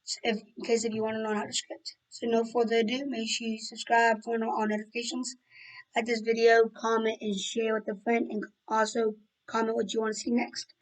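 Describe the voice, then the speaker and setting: A young woman with a hoarse voice she is losing, talking through a screen-recorded tutorial and rambling with fillers and self-corrections. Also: a little high, flat delivery, brisk, low-quality recording. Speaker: game development tutorial maker.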